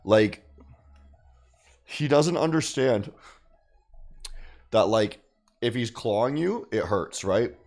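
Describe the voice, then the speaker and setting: A man's voice: mid-range voice, lively intonation, slow pace, pauses often, darkish tone. A man streaming his day trading in a loose, casual way, tossing in "okay?" and "right?" and swearing now and then. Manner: swears casually, restarts and repeats. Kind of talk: casual live-stream commentary.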